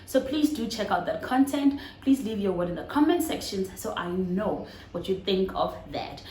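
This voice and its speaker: Cameroonian woman vlogger, chatty and animated, talks straight to her viewers, roomy home recording with a faint hum. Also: medium pitch, normal speed. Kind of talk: casual vlog talk to camera.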